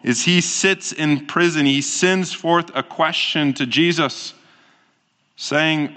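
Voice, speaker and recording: A man preaching a sermon as a pastor, slow and earnest, with pauses between phrases. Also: on the high side, steady tone, bright, forceful tone, in a large hall.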